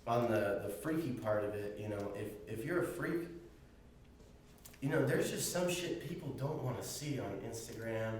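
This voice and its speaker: A man's voice: mid-range voice, animated, normal speed. A man co-hosting a crude comedy podcast, rambling in a laid-back way and swearing. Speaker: podcast co-host. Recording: echoey room, distant mic, faint hiss.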